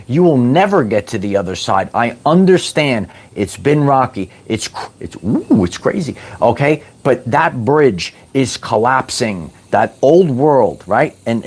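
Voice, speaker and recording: With a mid-range voice, a middle-aged man hosts a spiritual wellness livestream. He speaks to his chat in a playful, repetitive, motivational way, drawling words like "baby".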